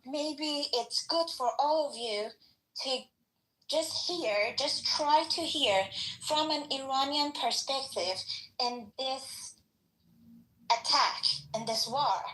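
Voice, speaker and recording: A woman from Iran with a Persian accent, speaking earnestly and haltingly in a heated online debate, often repeating herself. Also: high-pitched, fairly bright tone, echoey room, rough recording.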